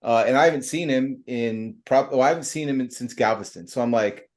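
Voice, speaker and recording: A man's voice: medium pitch, fairly quick. A middle-aged man hosting a podcast, chatting casually and telling a rambling story full of fillers and slang. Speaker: podcast host.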